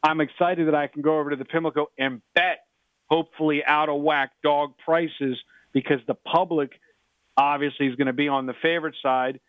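Excitable middle-aged man on a tinny phone line. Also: fairly high pitch, fairly quick, clear, resonant tone, no room sound. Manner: excitable, repeats himself, talks over others. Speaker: sports betting handicapper. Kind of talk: sports radio talk.

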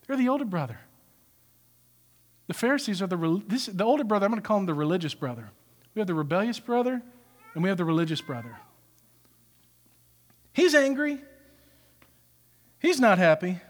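Animated high-voiced male preacher. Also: fairly quick, pauses often, in a large hall. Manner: animated, acts out the characters. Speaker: pastor. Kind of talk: sermon.

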